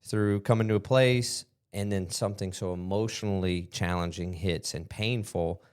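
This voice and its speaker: A man's voice: sits low, fairly even intonation, normal speed, darkish tone, smooth. A man hosting a podcast interview, asking reflective questions and affirming what his guest says. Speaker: podcast host. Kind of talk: casual interview chat.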